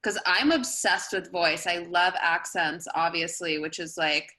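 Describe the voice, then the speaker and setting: A woman's voice: on the low side, a little slow, sharp tone, low-quality recording. A woman in her twenties, a singer, chatting as a guest on a podcast in a bubbly, self-mocking way. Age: 20s. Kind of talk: casual podcast chat. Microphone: remote call setup.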